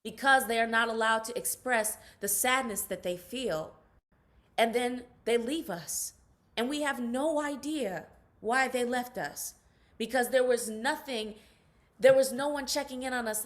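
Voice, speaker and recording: A young adult actress speaks passionately and emphatically as a guest in an interview conversation. Her voice is a little high and a little slow.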